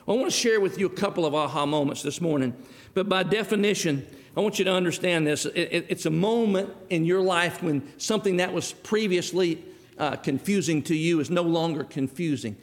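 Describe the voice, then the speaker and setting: A man's voice: fairly high pitch, brisk. A middle-aged man preaching a sermon in a church, telling stories in a folksy way and acting out the dialogue himself. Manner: folksy storytelling, acts out dialogue. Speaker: pastor. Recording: long hall reverb.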